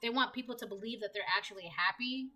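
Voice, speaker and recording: A woman's voice: medium pitch, quick pace, sharp tone, poor audio. A woman giving a casual collective tarot reading, talking conversationally and repeating her phrases as she reads the cards aloud. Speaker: tarot reader.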